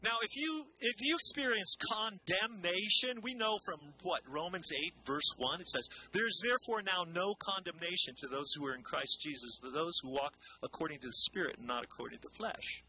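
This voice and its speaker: Male pastor, bright and slightly high voice, conversational sermon with repeated phrases, faint noise. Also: animated, normal speed, few pauses, low-quality recording.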